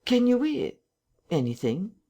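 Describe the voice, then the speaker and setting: An audiobook narrator voicing a curious, excitable village man who talks in hushed, eager bursts. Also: medium pitch, measured pace, vocal fry, voice pushed up, heavily acted.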